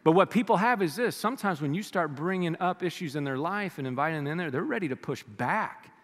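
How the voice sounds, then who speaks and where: A man with a notably high voice delivers an animated sermon, reading scripture and telling personal stories. He acts out the quoted voices as he speaks. The sound carries a long reverb, as in a large hall. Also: fast. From United States. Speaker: pastor.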